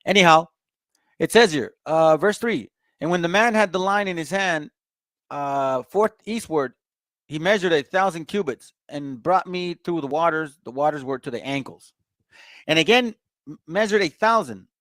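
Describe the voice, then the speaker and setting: A laid-back man leading a casual Bible study, reading verses aloud and then unpacking them in plain talk for his listeners, whom he calls family. His voice sits a little high. The sound is close and dry. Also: lively intonation, normal speed, fairly bright tone, dry recording. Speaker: Bible teacher.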